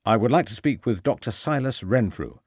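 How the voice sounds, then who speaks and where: A man's voice: mid-range voice, expressive, brisk, no echo, clean studio sound, lightly acted. A man voicing a courteous, formal Victorian police inspector.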